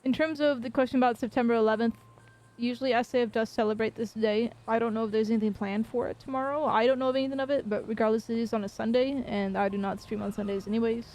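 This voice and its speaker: A woman game streamer in casual chat with her viewers, loose and chatty, swearing and pausing with fillers. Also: on the high side, fairly even intonation, a little mellow.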